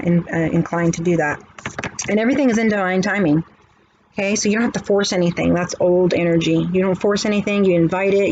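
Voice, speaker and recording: A woman's voice: fairly low pitch, darkish tone. Woman spiritual reader, preachy and chatty, dull lo-fi mic with faint hiss. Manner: preachy pep talk, repeating "okay". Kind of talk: casual chat.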